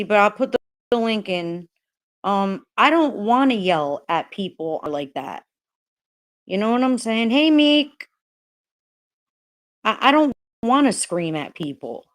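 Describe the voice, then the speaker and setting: A woman hosting a casual livestream, greeting viewers by name while rambling, hesitant and upset, with many restarts and swearing. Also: on the high side. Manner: frustrated and upset. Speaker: livestream host.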